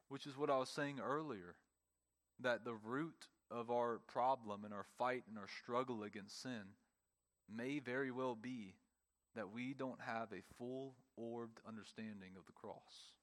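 A man preaching a sermon, emphatic, with pauses and repeated phrases, speaking to a congregation in a church. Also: mid-range voice, a bit bright. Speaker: pastor.

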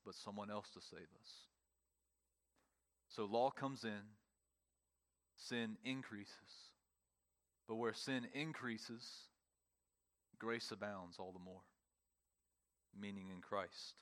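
A man preaching a sermon, emphatic, with pauses and repeated phrases, speaking to a congregation in a church. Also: on the low side. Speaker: pastor.

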